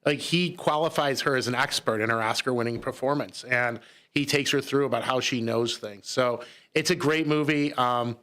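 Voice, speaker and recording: An earnest male guest on a radio talk show, explaining at length with frequent restarts. His voice sits at a typical pitch for a man. The conversation is recorded in a radio studio. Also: moderate pace, bright, forceful tone.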